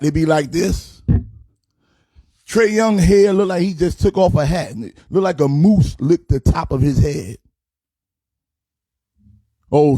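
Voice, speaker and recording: A man's voice: on the high side, dark tone, no room sound. A man delivering a comic, sermon-style sports rant as a pastor, boastful and playful, with sing-song cadences.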